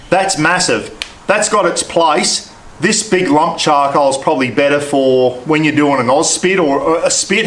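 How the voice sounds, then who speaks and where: An Australian man talks in a casual, folksy, colloquial way, showing off his cooking gear in his shed. His voice sits a little on the high side. Faint ambient noise runs under the recording. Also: a bit bright. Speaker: cooking vlogger. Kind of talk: casual outdoor cooking vlog. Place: home shed.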